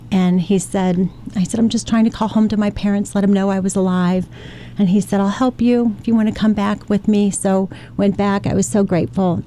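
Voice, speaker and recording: A middle-aged woman from Ohio, United States, a flight attendant appearing as a guest on a radio interview, earnestly recounts a past experience. Her mid-range voice is mellow, there's slight background noise, and her emotional storytelling includes acted-out quotes.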